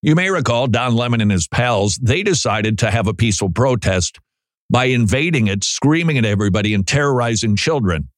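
A man's voice: medium pitch, expressive, a little fast, no room sound, clean studio sound. A man from Minnesota hosting a talk radio show, sarcastic and mocking, stumbling over repeated words.

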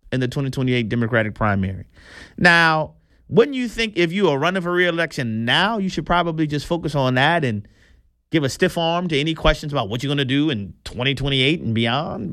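Man, political commentary host, lively swooping voice, dry close sound, chatty. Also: fairly high pitch, no echo. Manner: animated, chatty, amused.

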